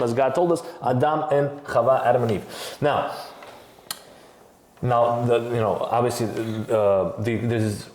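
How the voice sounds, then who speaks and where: A man's voice: medium pitch, a little mellow. Man, podcast co-host, explanatory lecturing, rhetorical questions, echoey room. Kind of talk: casual podcast discussion.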